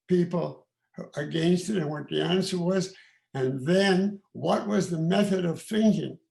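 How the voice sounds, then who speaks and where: A man in his eighties, originally from Canada, giving informal remarks at a celebration in a halting, reflective way, with many pauses and restarts. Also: fairly high pitch, vocal fry, darkish tone. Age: 80s. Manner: reflective and candid. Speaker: guest of honour giving remarks.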